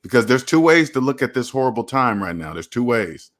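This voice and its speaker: Very animated and brisk, a man with a mid-range, fairly bright voice hosts a personal finance channel. His motivational livestream talk is aimed straight at viewers, delivered in a preachy, repetitive, emphatic style.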